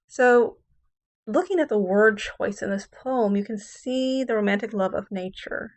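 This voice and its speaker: A woman English professor lectures on poetry at a middle pitch, neither high nor low. She reads lines of verse slowly, leaning hard on the stressed words. Then she explains them in an easy, plain way, with an occasional "um" or "okay".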